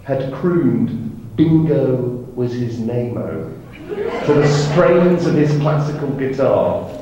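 A man's voice: mid-range voice, expressive, slow, heavy reverb, highs cut off, a crowd in the background. A man, the author and songwriter, reading a passage from his book on stage. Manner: reads a passage, then sings his song.

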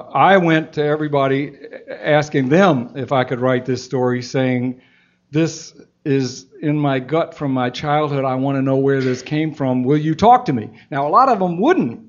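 A man, an author, answering audience questions in an earnest, halting way with many restarts. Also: a little high, a little mellow. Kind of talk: Q&A talk, reflective storytelling. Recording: dull lo-fi event recording.

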